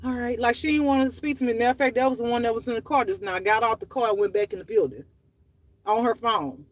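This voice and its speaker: A woman's voice: fairly high pitch, quick pace. Blunt, profane woman confiding to viewers. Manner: blunt, profane and emotional, talking in bursts; raw and confessional, voice rising and dropping. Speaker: channel host. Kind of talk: unscripted personal monologue to viewers.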